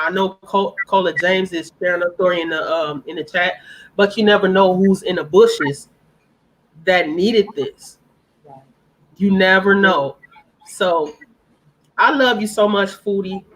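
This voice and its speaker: A woman's voice: fairly low pitch, unhurried, fairly bright tone, rough recording. A woman speaking on a live-stream panel, earnest and heartfelt, repeating phrases for emphasis.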